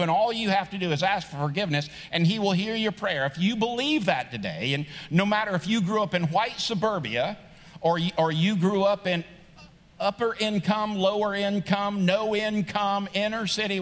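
A man's voice: sits high, fairly bright tone. A middle-aged man preaching a sermon as pastor, conversational and joking, building to emphatic rising points. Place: large church sanctuary. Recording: long reverb of a large church hall.

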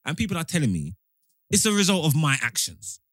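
Animated man, quick and emphatic. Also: fairly high pitch, dry recording, studio quality. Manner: animated, emphatic, keeps repeating himself. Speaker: podcast co-host. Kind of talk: casual chat.

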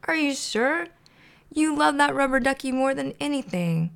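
A woman voicing a gentle, kindly older shopkeeper in a storybook read-aloud. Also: medium pitch, lively intonation, moderate pace, creaky.

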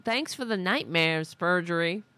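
A woman's voice: on the low side, expressive, unhurried, sharp tone, no room sound. A woman hosting a casual political livestream, ranting in an angry, profane and sarcastic way. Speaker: host.

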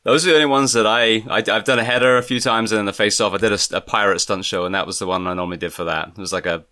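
Low, bright-toned man chatting. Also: racing. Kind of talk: casual chat.

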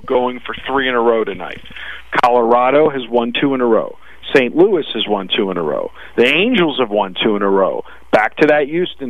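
A man with a Brooklyn accent analyzing sports betting odds on a radio talk show, talking fast with frequent restarts. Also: medium pitch, dry recording, narrow, tinny audio. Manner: rapid with frequent restarts, "listen".

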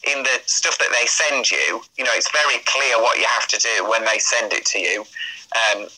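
A man's voice: medium pitch, normal speed, bright, forceful tone, rough recording. A man chatting as an interview guest, explaining at length in an easy, talkative way. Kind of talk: casual interview chat.

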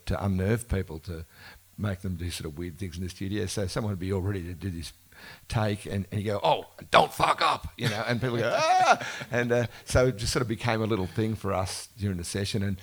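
Deep, husky man spinning yarns. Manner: rambling, self-correcting, laughs often. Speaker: musician being interviewed. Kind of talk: casual storytelling conversation. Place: bookshop event before a live audience. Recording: live event recording.

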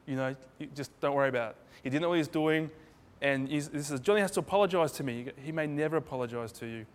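A man's voice: mid-range voice, steady tone, fast, clear, resonant tone. A man preaching a sermon in a loose, conversational way, acting out little dialogues in different voices. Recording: hall reverb.

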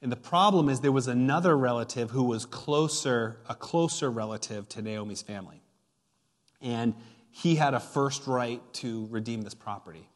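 A man's voice: mid-range voice, normal speed. A man preaching a sermon as pastor, retelling a story with playful asides and emphatic build-ups. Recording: long hall reverb.

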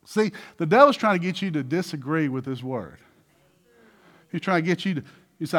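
A man preaching a sermon with lots of energy, acting out little dialogues and swinging between loud bursts and hushed passages. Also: a little high, lively intonation, a little fast, long pauses. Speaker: pastor.

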